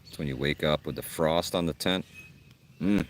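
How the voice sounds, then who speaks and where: A deep-voiced man hosts a casual livestream from a campsite, answering viewer comments. He talks gruffly and bluntly, with plenty of joking. Faint outdoor noise and birdsong sit behind his voice. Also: moderate pace. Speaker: livestream host.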